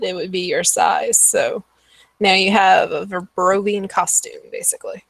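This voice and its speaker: A woman narrating a tabletop game as game master, slow and hesitant with many fillers. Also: medium pitch, animated, a bit bright, no room sound.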